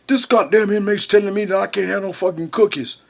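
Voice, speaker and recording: A man doing a shrill, outraged prison guard. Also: fairly even intonation, fairly quick, gravelly. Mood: indignant whining. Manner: whiny, indignant, cursing. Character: angry loud-mouthed male prison officer.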